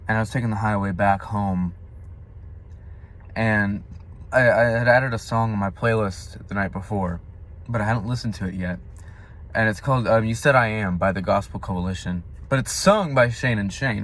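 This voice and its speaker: A young man vlogging a personal faith reflection, earnest and confessional, now and then flaring into loud, impassioned outbursts. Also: fairly low pitch.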